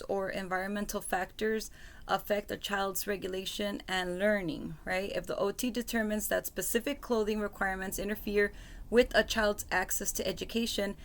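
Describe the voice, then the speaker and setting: A woman records a casual vlog at her home computer, talking in a loose, rambling way full of ums and quick apologies. Her mid-pitched voice has a gravelly, creaky edge. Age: adult with a school-age son. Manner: rambling, apologetic, many fillers. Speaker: parent vlogger. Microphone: computer webcam mic.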